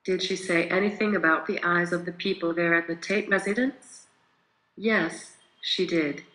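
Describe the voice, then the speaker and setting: A man reenacting a courtroom closing argument, reading questions and answers from a court transcript in one steady voice. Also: high voice, moderate pace, reverberant, low-quality recording.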